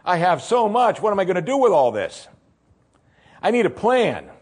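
A man voicing a greedy rich man who is giddy and boastful about his wealth, in a husky voice. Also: normal speed. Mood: gloating. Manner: excited, boastful, pitched up.

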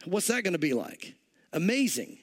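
A man with a notably high voice preaching from the pulpit. He teaches verse by verse, retelling the scene as a vivid, chatty story and leaning on "you know" as he goes. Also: big pitch swings, normal speed. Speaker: pastor. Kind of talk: verse-by-verse sermon.

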